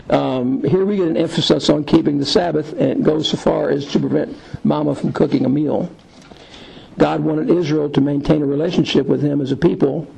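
A man teaching an unscripted Bible lesson, thinking aloud with frequent pauses and restarts, and reading scripture aloud. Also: a little high, gravelly, darkish tone, slightly rough, low-quality recording. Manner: halting, many fillers and restarts, thinking aloud.

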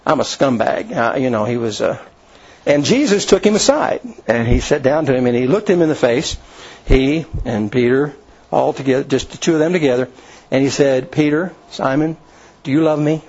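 Male preacher, husky, retelling scripture casually with asides, muffled lo-fi recording. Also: mid-range voice, normal speed, darkish tone. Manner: retells scripture in his own words, with restarts and asides. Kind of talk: informal sermon storytelling. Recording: dull lo-fi recording.

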